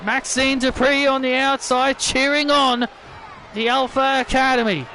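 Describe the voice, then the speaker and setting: A man doing excitable play-by-play wrestling commentary over a video game, repeating himself and bursting into shouts. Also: extremely high pitch, a little slow, slight background noise.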